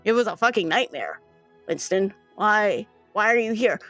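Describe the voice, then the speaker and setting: A woman's voice: medium pitch, animated, moderate pace, a bit bright, no room sound, faint music behind. A woman voicing a weary, blunt young woman who swears, speaking in an exasperated way in a tabletop game.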